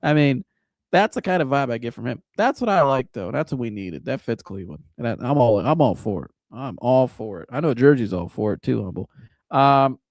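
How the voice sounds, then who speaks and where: A man hosting a live sports reaction show, talking in an animated, casual, joking way with some swearing. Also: medium pitch, dry recording, clean studio sound. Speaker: sports podcast host.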